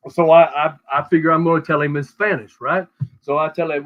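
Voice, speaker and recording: A man's voice: a little high, fairly even intonation, brisk, lo-fi sound. A man hosting a show, ranting crudely and rambling with heavy swearing over call audio. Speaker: show host. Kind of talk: profane casual rant.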